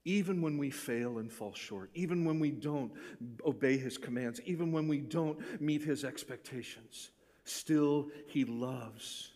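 A male pastor delivering a sermon, swinging between hushed, intimate passages and forceful, rising appeals. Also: medium pitch, a little slow, big-room sound.

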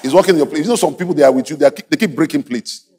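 A man preaching a sermon as a pastor, animated, laughing often and calling on the congregation to repeat after him. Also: a little high, racing. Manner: animated preaching with call-and-response and frequent laughter.

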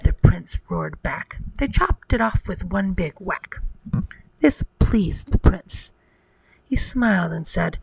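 Woman, bedtime storyteller, whispered role-play, gravelly, breathy, rhymed storytelling. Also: medium pitch, animated, slow pace, dry recording, rough recording.

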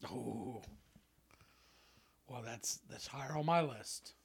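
A man co-hosting a podcast, excitable and profane in casual chat, laughing often. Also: mid-range voice, takes it slowly, vocal fry, breathy edge. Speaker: podcast co-host.

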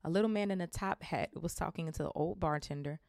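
Low-voiced woman reading a novel aloud. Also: fairly quick, gravelly, darkish tone, no room sound, studio quality. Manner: casual, amused asides. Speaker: podcast host.

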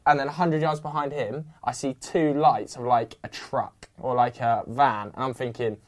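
Bloke, podcast host, mid-pitched, lively storyteller with a bit of swearing, casual chat. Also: male voice, moderate pace. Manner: animated, vivid retelling with swearing.

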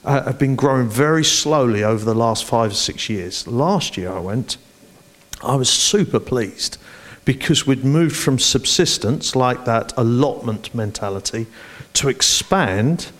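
A man's voice: mid-range voice, a little slow. Man telling church stories animatedly. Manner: animated storyteller, playful with the congregation. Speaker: church leadership development director. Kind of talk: onstage church interview.

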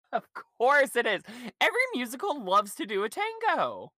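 A man's voice: very high voice, wildly swooping pitch, unhurried, bright, forceful tone, slight background noise. A man co-hosting a podcast, casually recapping a musical in a rambling way, with frequent laughs and fillers. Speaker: podcast co-host.

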